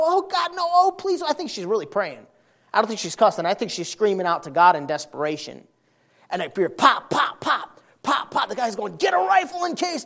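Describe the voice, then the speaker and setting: High-voiced man preaching a folksy sermon. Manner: animated, folksy storytelling with emphatic repetition.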